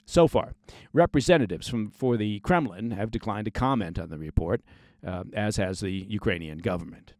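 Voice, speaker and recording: A man's voice: mid-range voice, darkish tone, dry recording, clean studio sound. A man hosting a daily news briefing podcast, reading the news and breaking off into sarcastic asides. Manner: sardonic asides.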